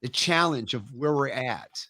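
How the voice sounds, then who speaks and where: A man's voice: mid-range voice, unhurried, dry recording. A middle-aged man, a karate master and interview guest, telling emphatic stories in a casual interview. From United States. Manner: animated, emphatic anecdotes.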